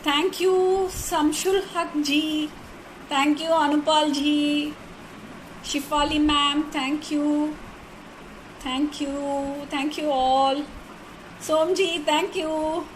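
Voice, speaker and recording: A woman's voice: high-pitched, flat delivery, drawn-out words, a little hiss or hum, rough recording. A woman teaching a poetry workshop, patiently sounding words out syllable by syllable. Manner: thanks viewers by name with honorifics. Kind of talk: live online workshop lesson.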